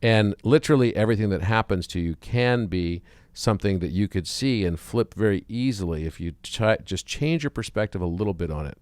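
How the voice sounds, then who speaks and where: A man's voice: fairly low pitch, lively intonation, a little fast, few pauses, darkish tone, no room sound. A man speaking as a podcast guest in casual conversation, reflective and fond of telling stories. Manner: reflective, storytelling.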